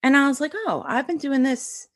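A woman's voice: sits high, a little fast, no echo, clean studio sound. A middle-aged woman from the US East Coast, a podcast guest telling her story bluntly and acting out what people said. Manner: blunt, acts out quoted dialogue.

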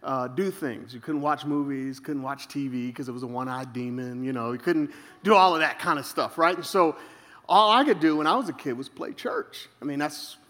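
A man preaching as pastor, telling humorous stories in an animated way. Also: medium pitch, normal speed. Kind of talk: sermon. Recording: reverberant hall.

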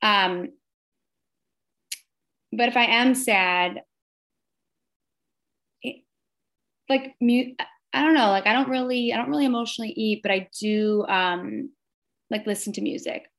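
Her voice sits on the high side and is a bit bright, with a measured pace and frequent pauses. She's a chatty podcast guest in a casual conversation, leaning heavily on "like."

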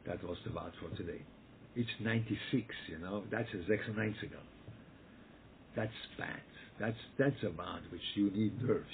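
A man leading a Torah study group over a video call, speaking emphatically and repeating himself, often restarting his sentences. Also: on the low side. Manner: emphatic, repetitive, halting with frequent restarts. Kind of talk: Torah talk over a webinar. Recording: tinny phone-like call audio with faint noise.

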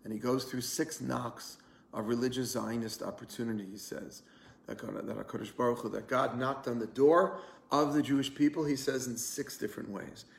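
This is an online lunch-and-learn where a rabbi tells a story with earnest energy, talking conversationally and filling his speech with fillers. His mid-range voice is creaky, his tone steady, and his speed normal, all heard in a reverberant space.

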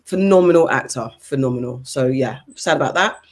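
A woman in her forties from England, hosting a podcast in casual chat, blunt and animated, swearing freely as she tells stories. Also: a bass voice, fairly quick. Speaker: podcast host.

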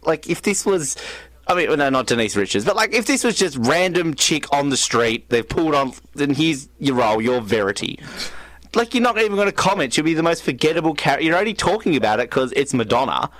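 Male podcast co-host for casual film commentary. Rambling and talkative, with a bright, swooping delivery on a close, dry mic. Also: on the high side, a little fast, dry recording. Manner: animated, talkative, rambling with frequent restarts.

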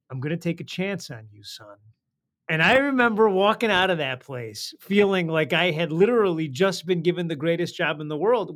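A man from the American Midwest hosting a podcast, telling his own stories and quoting the people in them. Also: high-pitched. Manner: lively storyteller, quotes people in his stories. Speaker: podcast host. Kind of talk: casual podcast chat.

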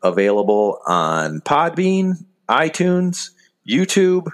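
Guy cohosting a podcast, casual chat, super lively up and down voice, laughs while telling stories. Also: a little high, slow. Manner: animated storyteller who laughs through his stories. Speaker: podcast co-host. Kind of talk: casual chat about movies.

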